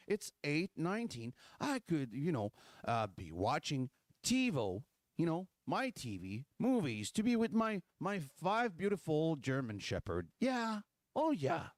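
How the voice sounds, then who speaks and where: Animated man in his forties. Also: fairly high pitch, no echo, clean studio sound. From Quebec, Canada. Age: 40s. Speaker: host of a political livestream. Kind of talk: casual political talk.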